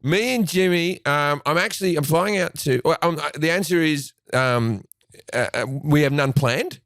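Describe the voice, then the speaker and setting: A man's voice: fairly high pitch, moderate pace, fairly bright tone, no room sound, studio quality. A man, a comedian guest, telling crude anecdotes in casual chat, often restarting his phrases. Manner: profane storyteller, restarts phrases, acts out quoted voices.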